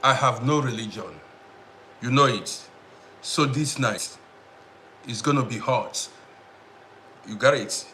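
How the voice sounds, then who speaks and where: Bright-voiced man hosting a live stream. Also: medium pitch, slow, long pauses, a little hiss or hum. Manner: greets viewers by name, repeats himself. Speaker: livestream host. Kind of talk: casual live-stream chat.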